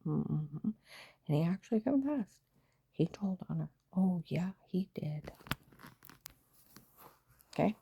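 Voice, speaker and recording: Low raspy woman ranting thru her story, half whispering, dark gravelly voice. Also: lively intonation, takes it slowly, long pauses, highs cut off, a little hiss or hum. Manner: agitated, emphatic retelling with quoted dialogue. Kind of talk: personal storytelling vlog.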